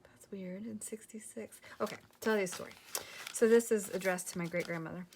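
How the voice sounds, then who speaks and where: A tired woman hosting a crafting video, chatting casually and softly, at times dropping to a whisper as she works. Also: medium pitch, brisk, a little hiss or hum. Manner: soft-spoken, drifts into whispers while working.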